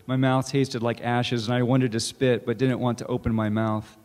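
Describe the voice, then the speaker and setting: Man, author reading his fiction, measured, mid-pitched, reverberant hall. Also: flat delivery, a little mellow. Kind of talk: literary reading. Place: campus event hall.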